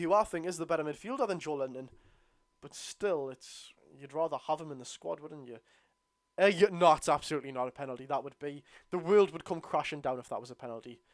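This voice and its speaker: A tired Geordie man hosting a live football watchalong, bursting out at the referee and grumbling low between plays. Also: no echo, studio quality. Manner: excitable outbursts at the referee, then low grumbling asides. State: tired, yawning. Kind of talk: live football watchalong commentary, reading chat.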